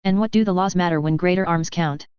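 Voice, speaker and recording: A smirking, taunting young lord, as a woman reads him in a fan fiction story. The voice is low-set and very clear, and the recording is dry and a little dull. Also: fast, a little mellow, dry recording, close to an everyday voice. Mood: mocking. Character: smug mocking young nobleman.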